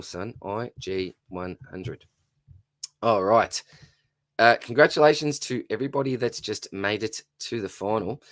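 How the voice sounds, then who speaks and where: A man hosting a channel giveaway draw, calling an online race in lively commentary while losing his voice. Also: on the low side, no echo, studio quality. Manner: excitable race-caller, rising and fast at the finish.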